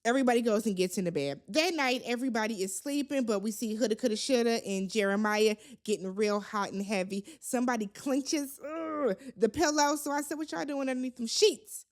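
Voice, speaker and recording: A chatty, opinionated woman recapping a reality show for her channel in a sassy, conversational tone. Her voice sits slightly higher than average. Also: a little fast, hardly any pauses. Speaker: recap vlogger. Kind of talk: casual reality-TV recap commentary.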